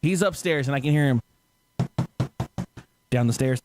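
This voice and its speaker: A man's voice: medium pitch, moderate pace, over music. A man telling a story in casual chat, laughing often and acting out quotes with swearing.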